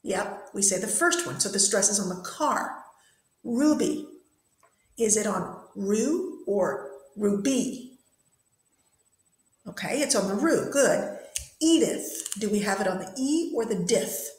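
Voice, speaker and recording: A woman's voice: medium pitch, expressive, a little slow, roomy sound, poor audio. A woman teaching an English grammar lesson in a classroom, patiently repeating and spelling out words. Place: classroom with whiteboard.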